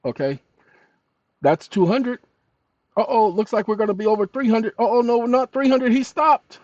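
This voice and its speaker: Animated male host, scolding an AI on a dull, dry home recording. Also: high-pitched, moderate pace, dry recording. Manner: animated, scolding, talks to the chatbot and viewers. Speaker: channel host. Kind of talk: casual screen-recording commentary.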